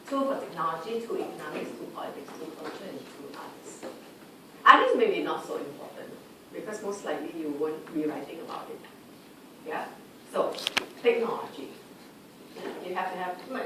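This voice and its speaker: A woman tutor giving an informal exam revision lecture, often checking in with her students through tag questions. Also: lowish voice. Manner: chatty, lists examples briskly. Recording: echoey room recorded from far off with background noise.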